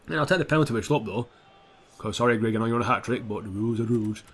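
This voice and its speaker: A man's voice: mid-range voice, rapid-fire, breathy edge. Sweary young man commentating a game. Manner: sweary, excitable, swings between mutters and shouts. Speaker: gaming YouTuber. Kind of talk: gameplay commentary.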